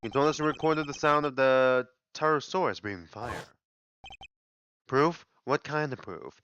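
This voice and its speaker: Man doing a composed, lowered prosecutor. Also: fairly bright tone, clean tone, muffled recording, natural voice. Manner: measured, deliberate, low and serious. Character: cool, composed male prosecutor, analytical.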